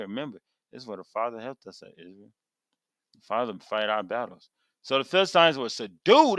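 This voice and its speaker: A man giving an animated Bible teaching, reading verses and retelling them emphatically in casual everyday speech. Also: mid-range voice, no room sound, clean studio sound.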